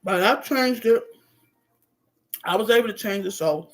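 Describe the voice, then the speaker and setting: A woman chatting casually on a live stream, shifting between bright greetings and quiet murmurs. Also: medium pitch, a little slow, long pauses.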